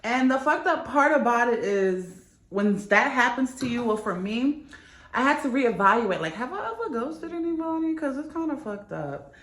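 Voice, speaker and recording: Young woman vlogger talking straight to camera; expressive, candid storyteller who curses freely, recorded in a roomy space. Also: a little high, normal speed. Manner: candid, swearing, animated storytelling. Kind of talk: casual chat to camera. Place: New York.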